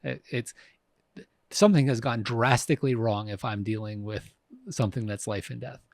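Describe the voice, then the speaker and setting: A man's voice: medium pitch, moderate pace, gravelly, no echo, studio quality. A man in his fifties co-hosting a podcast, talking reflectively and often restarting his sentences. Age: 50s. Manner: reflective, frequent restarts and fillers. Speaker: podcast co-host. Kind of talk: casual conversation.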